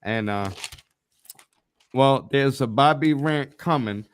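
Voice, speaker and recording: A man's voice: medium pitch, slow pace, a little hiss or hum. A man co-hosting a live online show, talking in a brash, profane, teasing way. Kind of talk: casual live-stream chat.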